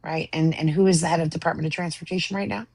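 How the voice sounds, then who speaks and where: A woman's voice: low-pitched, steady tone, racing, darkish tone, dry recording. A woman moderating a political panel debate, quizzing the others in a pointed, sarcastic way.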